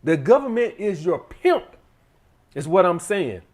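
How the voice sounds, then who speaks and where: A blunt man talks straight to his viewers in a casual, profane advice monologue, checking in with them again and again. His voice sits a little higher than most men's. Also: very animated, unhurried, darkish tone. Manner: blunt, profane, keeps addressing the audience as guys. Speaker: channel host giving money advice.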